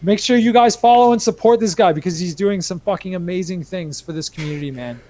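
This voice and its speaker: A man's voice: sits high, fast talker, mellow. A man, a podcast guest, talking casually and enthusiastically, with some swearing. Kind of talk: casual chat.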